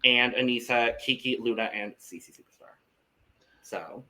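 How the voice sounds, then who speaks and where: A man co-hosting a casual podcast chat, reading out lists in a measured way. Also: medium pitch, bright, forceful tone. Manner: measured, list-reading delivery. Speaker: podcast co-host.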